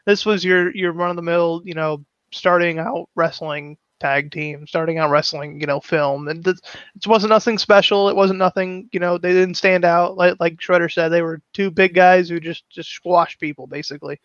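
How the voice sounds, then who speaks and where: A man's voice: high-pitched, level tone, moderate pace, fairly bright tone, clear, resonant tone, no echo, highs cut off. A man co-hosting a casual review chat over a video call, hesitant and full of fillers. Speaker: podcast co-host.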